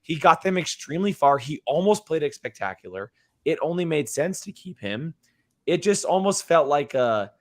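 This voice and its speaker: A man co-hosting a casual podcast, a bit hoarse, rambling and often tacking on "right?". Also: fairly high pitch, sing-song, moderate pace. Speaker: podcast co-host.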